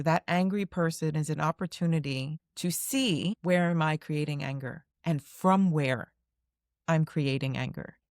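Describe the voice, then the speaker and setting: A woman's voice: on the low side, no echo, studio quality. A woman hosting an interview podcast, talking earnestly as a coach and giving advice straight to the listener. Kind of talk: conversational interview.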